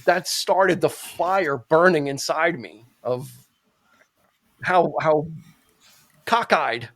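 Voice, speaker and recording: A man's voice: on the high side, takes it slowly. A man hosting a podcast in casual, joking chat, with frequent restarts. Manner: animated, joking, stumbling restarts. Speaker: podcast host.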